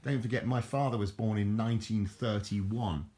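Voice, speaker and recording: A rambling older man with a southern English accent talks to camera in a low voice, chuckling and wandering from thought to thought. He repeats words and restarts sentences as he goes. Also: fairly even intonation, moderate pace, mellow. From southern England. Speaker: vlogger. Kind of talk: rambling casual chat to camera.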